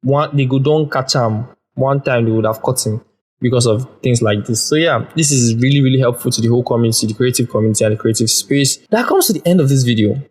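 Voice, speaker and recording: A man talking casually on his own podcast, a rambling storyteller who drifts between explanation and anecdote. His voice sits at an ordinary pitch for a man, relaxed and conversational. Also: fast, breathy edge. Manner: rambling storyteller, chatty with fillers. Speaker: podcast host. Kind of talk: casual solo podcast monologue.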